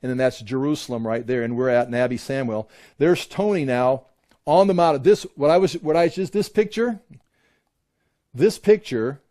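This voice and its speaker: A man's voice: medium pitch, normal speed, mellow. Middle-aged male teacher, rambling classroom lecture over photos. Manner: rambling, with many restarts; points out details on photos. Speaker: Bible teacher.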